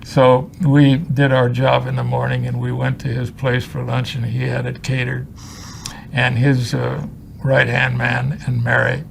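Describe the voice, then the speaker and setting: An older man from Chicago, a film director, telling humorous, salty anecdotes in an interview with a gravelly voice. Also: medium pitch, background noise. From Chicago, USA. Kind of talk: anecdotal storytelling.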